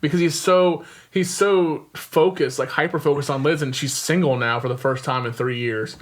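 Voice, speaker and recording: A man's voice: a little high, fairly even intonation, moderate pace. A man hosting a podcast, casually retelling a film's plot in a rambling way with frequent ums and chuckles. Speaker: podcast host. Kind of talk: casual film-recap chat.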